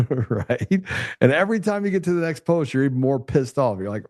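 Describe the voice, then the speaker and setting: A man's voice: medium pitch, sing-song, normal speed, a little mellow, dry recording, studio quality. A male podcast host telling stories in a casual, blunt way, swearing freely and acting out the voices of people he quotes. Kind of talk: casual conversational storytelling.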